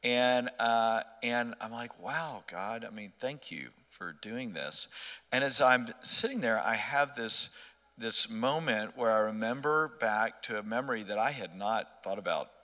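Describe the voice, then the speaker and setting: A man's voice: medium pitch, a little slow, pushed and bright, long reverb tail. A middle-aged man earnestly telling a personal faith story in conversation, often restarting his sentences. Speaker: interview guest.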